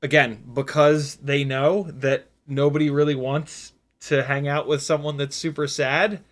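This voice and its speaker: A man's voice: a little high, flat delivery, measured pace. A sleepy man in his forties or older hosting a drone livestream in casual chat, reading viewer comments aloud and rambling candidly with lots of fillers. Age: 40s or older. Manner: rambling and candid, with frequent fillers and self-mocking asides. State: tired, sleep deprived. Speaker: FPV drone livestream host.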